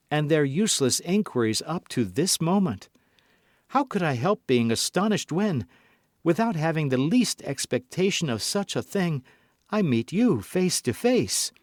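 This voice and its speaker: Guy doing a sly scheming noblewoman, smooth fake warmth, lively pitch. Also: no echo, studio quality. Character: scheming noblewoman, cold and cunning.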